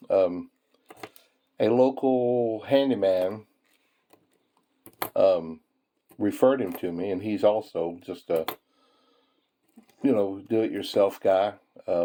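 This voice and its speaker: Low and mellow, the voice of this coin-roll hunting host comes with a little hiss or hum. He chats casually while sorting pennies from coin rolls, keeping things folksy, chuckling often and addressing viewers as folks.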